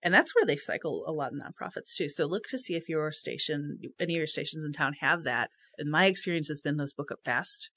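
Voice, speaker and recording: Fast-talking woman with dry quips. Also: sits low, expressive, sharp tone, a little hiss or hum. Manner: quick, practical, dry quips. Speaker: panel guest. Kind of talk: casual panel discussion.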